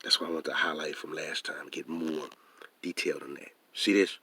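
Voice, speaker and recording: A man with a hoarse voice, talking emphatically and repeating himself in a casual vlog monologue. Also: very deep voice, fairly even intonation, normal speed, sharp tone, slight background noise. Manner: emphatic and repetitive, often restarting phrases. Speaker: vlogger.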